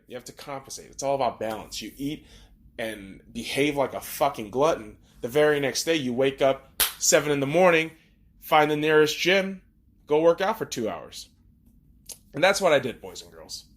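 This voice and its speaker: A man's voice: mid-range voice, expressive, normal speed. A man hosting a podcast, talking in a blunt, profane, ranting monologue. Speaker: podcast host.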